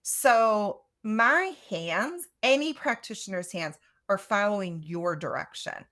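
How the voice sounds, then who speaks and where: A woman's voice: medium pitch, lively intonation, slow pace, pushed and bright. A middle-aged woman, a Reiki teacher, explaining her practice earnestly in a casual interview. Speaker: Reiki master teacher, guest.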